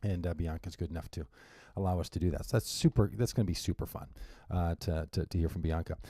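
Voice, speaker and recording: A man's voice: sits low, quick pace, warm tone, husky, dry recording. A man hosting his radio show alone, chatting casually and rambling with wry asides and restarts into a studio mic. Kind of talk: casual solo radio monologue.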